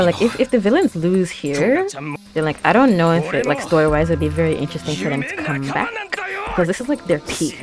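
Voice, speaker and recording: A young woman hosting an anime reaction, talking casually with lots of fillers, gasps and excited exclamations. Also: on the low side. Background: anime episode soundtrack playing.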